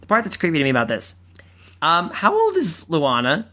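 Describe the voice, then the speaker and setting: Bright, joking podcast co-host. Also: mid-range voice, wildly swooping pitch, brisk. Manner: joking, riffs on asides. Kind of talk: casual movie discussion.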